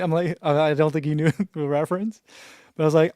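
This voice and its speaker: A man's voice: fairly high pitch, fairly even intonation, fast talker, dry recording. Chatty man in his forties, dry close sound. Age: 40s. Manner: chatty, laughs often, reads chat aloud. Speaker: running channel host. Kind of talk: casual live-stream chat.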